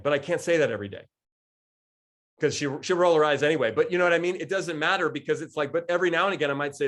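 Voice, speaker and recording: A man in his forties giving a lively coaching talk to a group, answering questions and acting out little quoted exchanges. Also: medium pitch, fast talker. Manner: lively, acts out quoted voices, laughs often. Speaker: coach and speaker.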